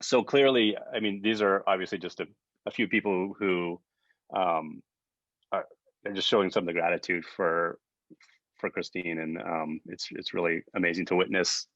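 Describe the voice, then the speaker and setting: A man's voice: deep voice, fairly even intonation, normal speed, a bit bright, no room sound, dull audio. A middle-aged man hosting an online gathering, talking casually with many restarts and fillers. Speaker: event host. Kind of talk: casual hosting on a video call.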